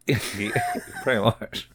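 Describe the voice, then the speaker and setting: A man with a very low voice talks casually on a podcast as he retells scenes from a show. He is laid-back and laughs often. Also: extremely slow, a bit bright, breathy edge. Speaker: podcast co-host. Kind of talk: casual chat recapping a show.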